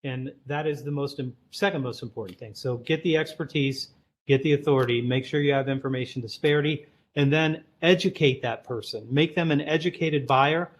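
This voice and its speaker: A man on a podcast who talks bluntly and plainly. His voice sits at an ordinary middle pitch, and he sounds sure of his opinions. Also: brisk. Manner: direct, opinionated, plain-spoken. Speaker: guest sales author. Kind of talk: casual podcast conversation.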